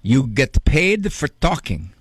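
A man's voice: mid-range voice, very animated, slow, husky, no echo, full character voice. A man doing a baffled old Italian grandfather. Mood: puzzled. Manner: broken English, baffled questions. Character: elderly Italian immigrant grandfather, puzzled.

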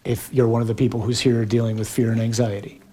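A man preaching a sermon, shifting between quiet reflection and acted-out shouted dialogue, with dramatic pauses. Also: medium pitch, flat delivery, husky.

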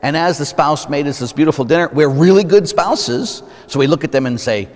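A man's voice: a little high, a little fast, few pauses. A Catholic priest, a man, preaching a conversational sermon full of rhetorical questions and acted-out examples. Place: church. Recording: long reverb of a church.

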